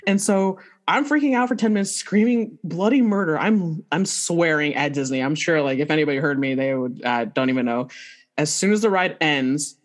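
A woman telling a funny story in casual chat, animated and laughing often as she quotes herself. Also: low voice, moderate pace.

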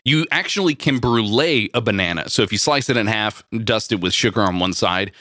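A man co-hosting a casual, comedic food chat, dropping deadpan absurd jokes before explaining cooking tips. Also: fairly low pitch, fairly quick, dry recording, clean studio sound. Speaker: podcast co-host.

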